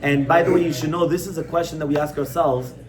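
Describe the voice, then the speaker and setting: A man's voice: a little high, steady tone, quick pace, a crowd in the background. A male rabbi giving an informal class on parenting, conversational, repeating his points and asking the audience questions.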